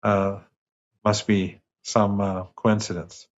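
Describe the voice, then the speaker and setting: Male professor guest, deeper voice, emphatic and repetitive, heard over muffled lo-fi call audio. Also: flat delivery, slow. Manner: emphatic, repeats phrases while building a point. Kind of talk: remote interview commentary.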